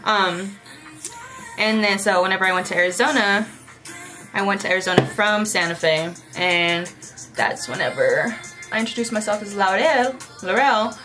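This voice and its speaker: A young woman talks loosely and thoughtfully while doing her makeup, drifting from thought to thought with plenty of filler words. Her voice sits at an ordinary middle pitch for a woman. Faint music plays underneath her. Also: normal speed. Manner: rambling, reflective, heavy use of "like". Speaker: vlogger.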